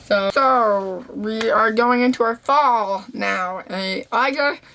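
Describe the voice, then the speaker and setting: A young deaf woman chatting casually to camera, telling stories in a slangy, animated way and acting out what people said. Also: a little high, slow, a little hiss or hum. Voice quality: deaf speaker's voice. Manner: animated storytelling, slangy, acts out quotes. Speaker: vlogger. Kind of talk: casual talking-to-camera recap.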